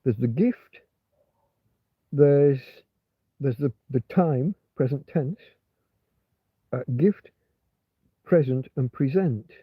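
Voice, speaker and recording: A man's voice: mid-range voice, lively intonation, extremely slow, pauses often, husky, no echo. A man hosting a rambling, casual livestream chat, meandering with many restarts and fillers. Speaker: livestream host. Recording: tinny phone-like sound.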